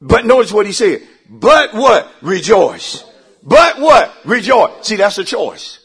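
A pastor preaching to his church, calling for responses and rising into shouts. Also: high-pitched, sing-song, takes it slowly, slightly rough. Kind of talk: call-and-response sermon.

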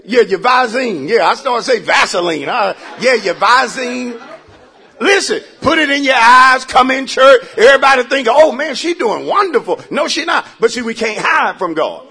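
High-voiced preacher guy, bright and husky, big swings, call-and-response. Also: expressive, moderate pace, a faint crowd. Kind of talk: sermon. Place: church.

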